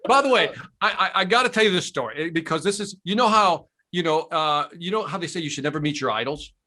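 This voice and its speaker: A man telling a story as a guest on a podcast, animated and enthusiastic, in casual conversation. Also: on the high side, fast. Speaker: podcast guest, sales trainer.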